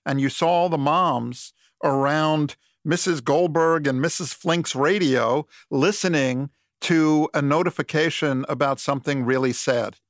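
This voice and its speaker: A man's voice: on the high side, unhurried, hardly any pauses, no echo. Man asking interview questions, dry sound.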